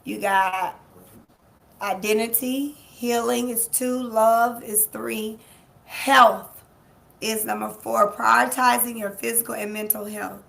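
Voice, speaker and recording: Gravelly-voiced woman coach. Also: on the high side, steady tone, slow pace, a bit bright. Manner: emphatic, repeats key phrases, addresses the audience directly; laughs easily, chats with people in the room. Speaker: life coach and show host. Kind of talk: live-streamed motivational talk.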